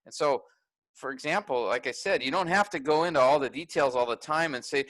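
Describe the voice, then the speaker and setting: A man's voice: fairly high pitch, a little fast, a bit bright, no room sound, poor audio. A man teaching a graduate workshop in a conversational way, thinking aloud with restarts and fillers.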